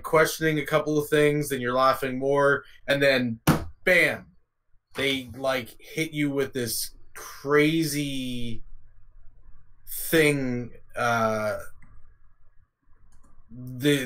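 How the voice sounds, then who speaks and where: A man with a mid-range voice speaks slowly on a casual livestream panel. He keeps pausing and fills his sentences with ums and uhs. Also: medium pitch, steady tone, a bit bright. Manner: slow, halting, many ums and uhs. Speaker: panel guest. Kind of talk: casual group discussion.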